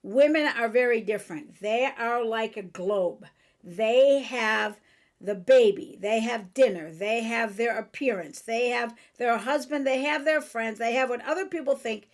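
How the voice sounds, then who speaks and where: A woman's voice: on the high side, a little slow. A woman hosting a podcast, talking frankly and earnestly about changing your own behavior. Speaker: podcast host and author. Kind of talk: motivational self-help talk.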